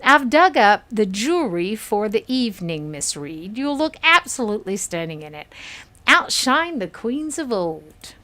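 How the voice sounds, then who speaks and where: A woman's voice: mid-range voice, sing-song, a little slow, sharp tone. A woman from Kentucky voicing a brash, folksy Texan man who reads out a flirty letter in a video game. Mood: folksy, breezy. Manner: folksy, reading a letter aloud in character.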